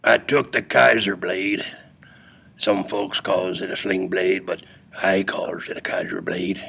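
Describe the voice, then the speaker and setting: A man putting on a slow, mumbling Southern movie character as an impression. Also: steady tone, vocal fry, sharp tone, a little hiss or hum, exaggerated voice. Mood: drawling. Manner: slow drawl with a deep mumble.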